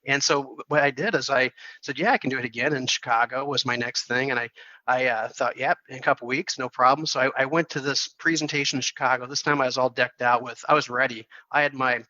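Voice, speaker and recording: Guest: a man with a very bright, forceful voice and restless restarts, recorded dry and a little dull. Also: mid-range voice, fast, no room sound. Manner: repeats words and restarts often, animated retelling. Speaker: podcast guest, accounting firm CEO. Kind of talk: storytelling in a casual interview.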